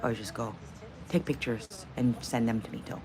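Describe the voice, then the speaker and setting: A woman's voice: very deep voice, fairly even intonation, a little fast, background noise. A woman hosting a live stream in casual chat, blunt and profane, bantering with her viewers and laughing often. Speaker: livestream host.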